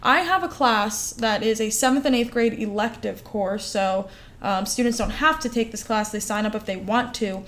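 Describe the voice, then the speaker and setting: A woman co-hosts a relaxed podcast chat, her voice sitting a little on the high side. She tells her stories in an animated way, stacking up "like" and "uh" as she goes. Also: normal speed. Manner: animated storytelling with many fillers. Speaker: podcast co-host.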